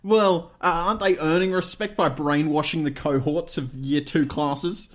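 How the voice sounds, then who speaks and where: A man's voice: on the high side, normal speed. Teasing, dry-witted man podcasting. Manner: dry, teasing, recaps the plot. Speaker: podcast co-host. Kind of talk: casual chat, episode recap.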